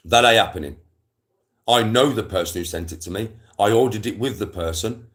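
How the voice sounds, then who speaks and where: A man's voice: fairly low pitch, a little fast, a bit bright. A man, chatting casually on a live stream and telling rambling stories full of slang and swearing.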